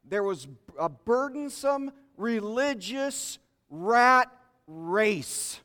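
A male pastor with a high-pitched, fairly bright voice delivers an interactive sermon, preaching conversationally and inviting the congregation to share their thoughts. The recording has long hall reverb.

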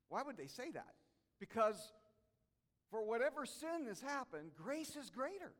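A male pastor preaching a sermon, animated and drawing the congregation into call-and-response. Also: sits high, normal speed. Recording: long hall reverb.

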